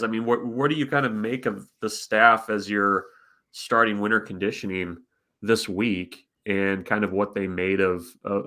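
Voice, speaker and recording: Man, podcast co-host, lowish voice, casual, stumbles and repeats words. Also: sharp tone. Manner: long rambling questions, repeats words. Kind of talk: casual sports podcast chat.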